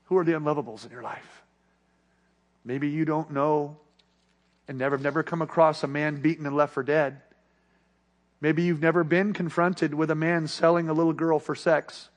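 A man's voice: fairly high pitch, fairly even intonation, normal speed, pauses often. A man preaching a sermon, telling a story in an earnest voice that rises with the tension and drops when he gets to the lesson. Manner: earnest, rising then hushed.

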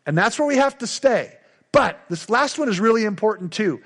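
A man's voice: sits high, expressive, moderate pace, fairly bright tone. A middle-aged male pastor preaching a sermon with emphatic, repetitive call-and-response lines.

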